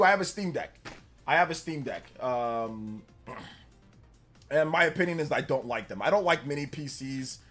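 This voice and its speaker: A young man chatting casually on a live stream, animated, laughing often and breaking into high character voices.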